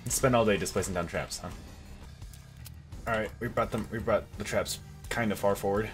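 A man hosting a casual gameplay video, jokey and excitable, yelping and laughing through his commentary. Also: lowish voice, moderate pace, faint music behind. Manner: excitable, jokey, yelps and laughs at close calls. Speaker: gaming video host.

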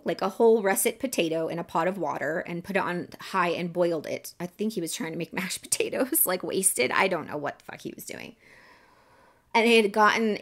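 A woman hosting a podcast, telling a personal story in a casual, candid way with lots of fillers and some swearing. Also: fairly low pitch. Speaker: podcast host.

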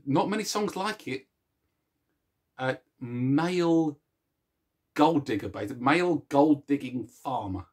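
A man with a medium-pitched, expressive, slightly rough voice of darkish tone speaks a little slowly, leaving long pauses. As host of a casual video chat, he jokes and mocks himself, chuckling at his own puns while eating chocolate.

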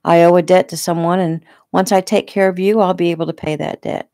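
A woman reading the part of a menacing male attacker who speaks calmly and quietly in an audiobook. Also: lowish voice, brisk, no echo, clean studio sound, close to an everyday voice. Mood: cold coaxing. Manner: calm, coaxing, quietly threatening. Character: menacing male attacker, soft-spoken and cold.

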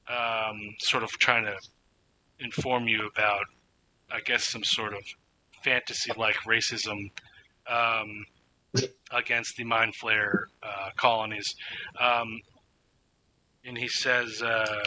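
A man narrating a tabletop game as game master, halting with many fillers and restarts. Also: on the low side, little pitch movement, bright, forceful tone, a little hiss or hum, rough recording.

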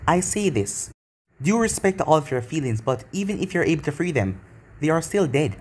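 A man voicing a cautious, blunt woman adviser in a read-aloud story, in an even reading tone. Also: on the high side, fairly quick, slight background noise. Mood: earnest.

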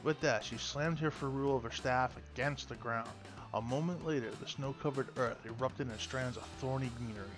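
A man's voice: mid-range voice, brisk. A man reading a fantasy story aloud, with occasional slips and restarts. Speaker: lore reader. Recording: music playing behind.

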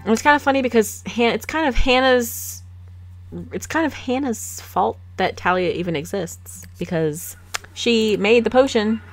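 A woman's voice: fairly high pitch, normal speed, faint music behind. A woman casually commenting on her life-simulation game, playful and sassy, laughing often as she bosses her characters around. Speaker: gaming channel host. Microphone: desk microphone.

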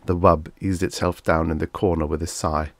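A man reading a vintage science fiction story aloud as an audiobook narrator, in a measured storytelling manner. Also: low-pitched, flat delivery, dry recording. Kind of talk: scripted narration.

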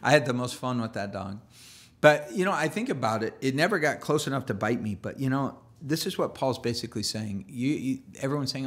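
A man delivers a sermon from the pulpit in a mid-range voice, neither high nor low. He talks loosely and conversationally, doubling back on his words and dropping in playful asides. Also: expressive, a little fast, a bit bright. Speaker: pastor.

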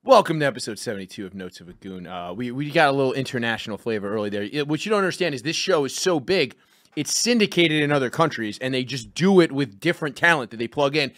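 A man's voice: mid-range voice, fast talker, dry recording, studio quality. Joking man hosting a comedy podcast. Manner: joking, teasing, deadpan. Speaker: podcast host.

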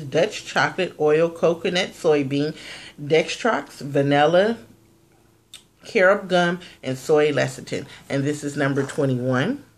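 A woman vlogger chatting casually as she reviews products and reads out ingredient lists. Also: low voice.

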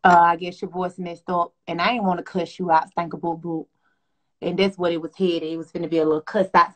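A woman hosting a casual phone livestream, talking loudly and profanely in a rambling way. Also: fairly low pitch, little pitch movement, brisk. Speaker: livestream host.

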